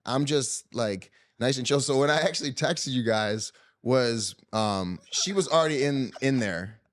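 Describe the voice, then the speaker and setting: A man's voice: mid-range voice, expressive, a little slow. A man hosting a podcast, telling a story in a loose, joking casual chat. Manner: loose and joking, heavy use of "like". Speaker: podcast host.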